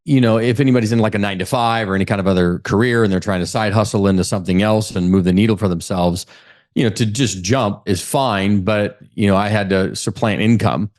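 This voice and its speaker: A man's voice: on the low side, fairly even intonation, a little fast, darkish tone. A man talking energetically as a guest on an interview podcast, with frequent restarts. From California. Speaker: guest, real estate investor. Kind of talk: casual interview.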